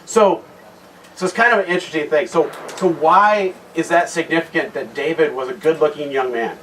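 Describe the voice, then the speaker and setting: A man tells a Bible story at a men's retreat in a casual, conversational way. He often restarts his phrases and drops his voice for the serious points. His fairly high voice is picked up by a distant mic over heavy background noise. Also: moderate pace, a bit bright. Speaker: guest speaker at a men's retreat. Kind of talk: conference talk with Bible storytelling.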